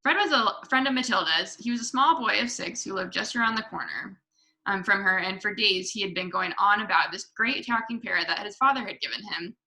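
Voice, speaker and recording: A woman reading a children's book aloud to a book club, expressive with small slips. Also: medium pitch, a little fast, vocal fry, low-quality recording.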